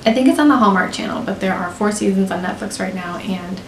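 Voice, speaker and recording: A young American woman, a beauty vlogger, chats casually in a gushing, talkative way, sprinkling in "like" constantly. Her voice is medium-pitched and quick, and the recording sounds roomy with a faint hiss.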